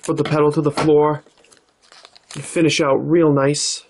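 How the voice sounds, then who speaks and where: A man hosting his own card-opening vlog, talking in a relaxed, thoughtful way with plenty of "uh"s and "um"s. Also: on the high side, a little slow, creaky, slight background noise. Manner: relaxed, thoughtful, with many fillers. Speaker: card-opening channel host. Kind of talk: casual vlog narration.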